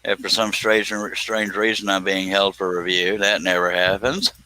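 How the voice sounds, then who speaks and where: Low-voiced man chatting on a live stream. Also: steady tone, moderate pace, bright, forceful tone, poor audio. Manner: rambling, self-deprecating, chuckling. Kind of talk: casual live stream chat while woodworking.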